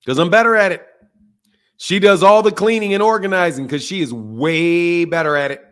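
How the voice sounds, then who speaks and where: A man's voice: high-pitched, moderate pace, fairly bright tone, soft background music. A man hosting a boxing channel who chats loosely and jokes with his viewers, using plenty of slang and laughing often. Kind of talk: casual livestream chat.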